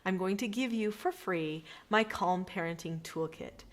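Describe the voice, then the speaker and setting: A woman's voice: fairly low pitch, unhurried. A middle-aged woman giving an earnest, emphatic parenting lesson straight to camera. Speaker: parenting educator.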